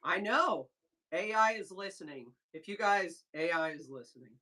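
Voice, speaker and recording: A woman hosting a casual live sales stream, chatting excitedly with viewers and reading their comments aloud. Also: fairly low pitch, moderate pace. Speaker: livestream seller host. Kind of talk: casual livestream chat with viewers.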